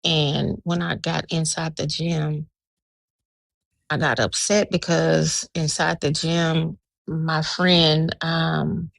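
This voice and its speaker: Woman with a low gravelly voice on a video call, retelling a dream, voices the other people in it, dry sound. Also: dry recording. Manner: animated storyteller, acting out quoted dialogue. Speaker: live stream guest telling a dream. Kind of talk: casual storytelling chat.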